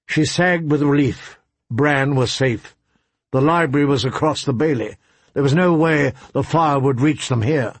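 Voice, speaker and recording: A man narrating a story in a measured, even audiobook reading. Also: mid-range voice, breathy edge, no room sound.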